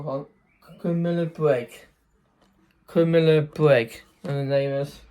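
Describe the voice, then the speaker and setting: A man's voice: fairly high pitch, a little mellow. A young man chatting casually in a vlog, rambling, correcting himself and laughing often. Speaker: vlogger.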